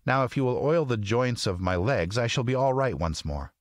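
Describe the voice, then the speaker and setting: A man voicing a polite, grateful tin man, speaking slowly and deliberately in a raised voice. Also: medium pitch, lively intonation, no echo, studio quality, voice pushed up, natural voice. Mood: pleading. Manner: slow, raised, deliberate speech.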